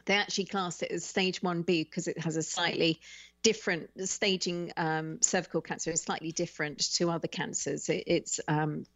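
A woman's voice: fairly low pitch, fairly even intonation, moderate pace, a bit bright, no echo. A woman in her forties from the UK, a guest author telling her story candidly in a radio interview, often repeating words as she starts. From United Kingdom. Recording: dull, muffled line.

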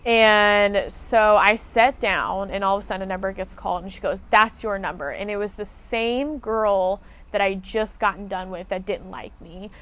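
A woman's voice: mid-range voice, steady tone, normal speed, few pauses, fairly bright tone. A woman telling a casual story as a podcast host, blunt and profane as she vents her frustration.

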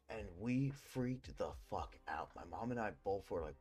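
A young man with a lowish voice tells a spooky story on his podcast. He rambles, swears freely and piles on fillers. Faint music plays softly beneath his voice. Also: big pitch swings, measured pace. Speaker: podcast host. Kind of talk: casual storytelling.

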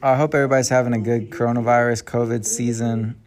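A man's voice: medium pitch, level tone, fast talker, a little mellow. A young man hosting his own solo podcast, musing casually and trailing off with frequent ums and sighs. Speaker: podcast host. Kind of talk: rambling solo podcast monologue. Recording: music playing behind the voice.

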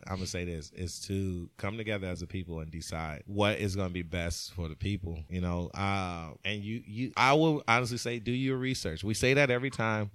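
Bright-voiced, profane storytelling man. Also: lowish voice, dry recording. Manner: animated storyteller, profane, laughs often. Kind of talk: casual chat.

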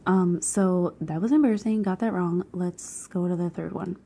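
A woman's voice: fairly low pitch, normal speed, dark tone, breathy edge. A woman vlogger chatting casually and laughing at herself while guessing songs, on a small mini microphone. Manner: giggly, self-mocking. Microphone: small clip-on mini microphone.

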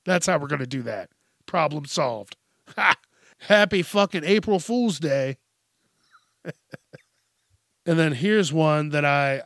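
A man on a podcast, ranting in a casual, comedic way, with a slightly high voice and an unhurried, drawn-out delivery. He swears constantly, speaks bluntly and breaks into laughter often. The sound is close and dry. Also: a bit bright, no room sound. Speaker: podcast host.

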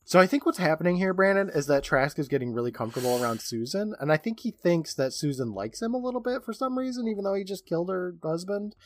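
Podcast co-host, man, lively and laughing, swooping high-ish voice. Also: fast, few pauses, a little hiss or hum. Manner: animated, laughs often. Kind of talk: casual chat recapping a horror episode.

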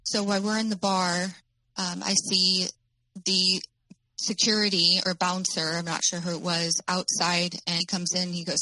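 A woman telling her own story as an interview guest, in a halting way with many fillers. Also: on the low side, level tone, sharp tone, no room sound, rough recording.

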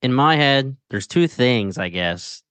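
A man co-hosting a casual podcast discussion, relaxed and thinking aloud. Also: mid-range voice, slow pace, clean tone, no echo. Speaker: podcast co-host.

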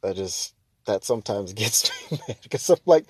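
A young man in a casual vlog rant, talking fast and loose with lots of fillers and restarts. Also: mid-range voice, animated, no echo. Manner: ranting, exasperated, jumps to loud mock shouts.

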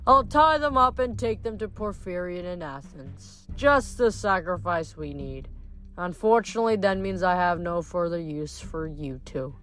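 A woman voicing a menacing male giant in a storybook reading, speaking slowly and emphatically. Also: lowish voice, animated, a bit bright, faint music behind. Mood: gloating. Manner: slow, drawn-out, emphatic delivery. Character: booming menacing male giant, cold and gloating.

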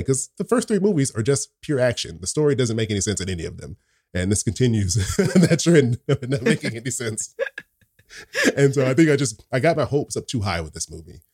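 A man's voice: medium pitch, very animated, a little fast, darkish tone. A man co-hosting a casual chat about movies, laughing often as he talks. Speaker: co-host.

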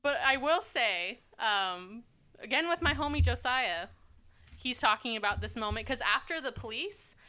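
A woman co-hosting a podcast in casual chat, talkative and quick to laugh, often drifting into side tangents. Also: on the high side, animated, pushed and bright. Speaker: podcast co-host.

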